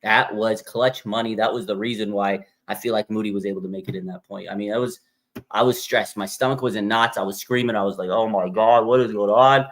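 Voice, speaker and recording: A man's voice: fairly low pitch, fast. A man hosting a live fan reaction show, talking emphatically, repeating points and using lots of fillers. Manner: animated, emphatic, repeats himself, frequent fillers. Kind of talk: live sports reaction talk.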